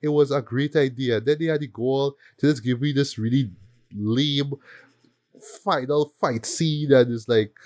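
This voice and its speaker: Podcast host, male, mid pitch, animated, keeps checking in with "right?", dry sound. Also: a little slow, no room sound. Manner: animated, repeats words and asks "right?" often. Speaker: film review podcast host. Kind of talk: casual film review chat.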